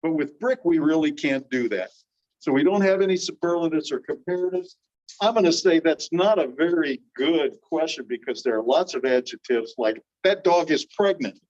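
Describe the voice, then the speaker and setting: Male teacher, slightly high voice, patient classroom explainer, dull lo-fi recording. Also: lively intonation, moderate pace, darkish tone. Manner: patient, calls on students by name. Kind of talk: classroom grammar lesson.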